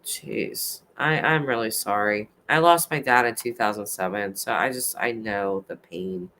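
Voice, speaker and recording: Low, impassioned woman ranting on stream. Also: a little slow, fairly bright tone, a little hiss or hum. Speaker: livestream host. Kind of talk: casual livestream commentary reading chat.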